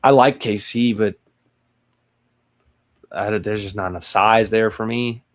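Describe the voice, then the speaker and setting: Lower-voiced man thinking aloud. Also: fairly even intonation, unhurried. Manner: thinks aloud, hesitant with restarts. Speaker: sports channel host. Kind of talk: solo mock draft breakdown.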